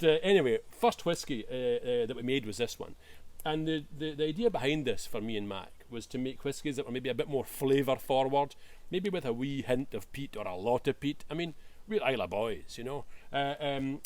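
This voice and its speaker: A man's voice: mid-range voice, a little mellow. A Scottish man presenting a casual whisky tasting, enthusiastic but full of hesitant fillers and restarts.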